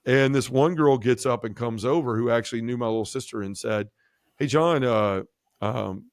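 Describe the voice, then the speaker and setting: A man's voice: normal speed, smooth, dry recording, studio quality. A man telling his life story as a podcast guest, acting out quoted dialogue and poking fun at himself, with lots of "you know" and "like". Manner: animated, acts out quoted dialogue with jumps in pitch; self-mocking humor, many fillers like "you know" and "like". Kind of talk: casual storytelling.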